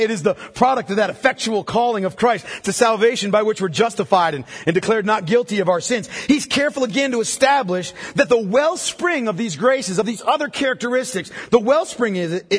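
A man preaches a sermon in an emphatic way, often stopping to ask the congregation whether they are following. His voice is husky and sits a little high, and his pitch rises and falls a great deal. The sound carries the long reverb of a large church hall. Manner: emphatic, asks the congregation questions. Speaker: pastor.

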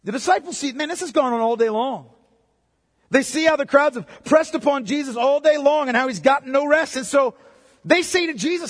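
A middle-aged man preaching a sermon, conversational and animated, with joking asides. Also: very high-pitched, fairly quick. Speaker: pastor. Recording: reverberant hall.

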